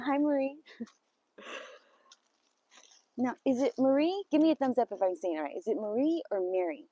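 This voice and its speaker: A woman with a slightly high voice chats to her viewers in a casual live garden vlog. She talks straight to them as she walks outdoors through her farm garden, often breaking into startled exclamations and nervous laughs. The sound is close and dry, with little room echo. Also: big pitch swings, moderate pace, pauses often, warm tone.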